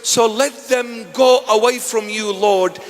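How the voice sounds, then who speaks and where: A bishop delivers a sermon in a voice pitched high for a man, keeping a steady tone and a slow pace. He preaches with sharp swings between loud declarations and hushed asides, acts out quoted dialogue, and the church around him adds a long, ringing reverb.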